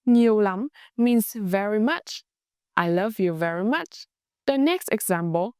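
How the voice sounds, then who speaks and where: A woman with a Vietnamese accent teaching a language lesson in a clear, patient, scripted way. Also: mid-range voice, lively intonation, a little slow, darkish tone, no room sound, clean studio sound.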